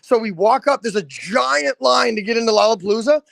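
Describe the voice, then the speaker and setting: A man in his thirties from the American Midwest, a guest telling a casual story, animated and swearing freely. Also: very high-pitched, brisk, gravelly, no echo. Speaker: guest, lead singer.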